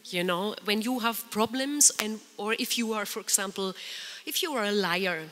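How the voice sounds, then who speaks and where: A soprano singer in an informal talk, leading the audience in singing and swooping her voice high and low as she demonstrates. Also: normal speed, fairly bright tone. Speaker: soprano singer speaking at a symposium. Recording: long reverb of a large hall.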